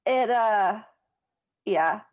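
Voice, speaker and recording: A woman hosting a casual podcast chat, gushing and quick to laugh. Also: mid-range voice, a little mellow, no echo, lo-fi sound. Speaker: podcast host.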